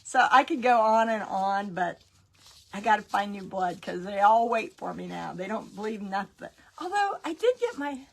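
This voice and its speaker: A woman's voice: medium pitch, vocal fry. A middle-aged woman telling casual stories while she paints, chatty and laughing at her own pranks. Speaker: crafting tutorial host.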